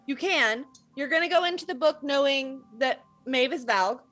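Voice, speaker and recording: A woman co-hosts a casual book chat in a bright, sharp, fairly high voice. She is relaxed and frank and drops quick asides. Faint music sits in the background. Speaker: podcast co-host. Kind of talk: casual chat about books.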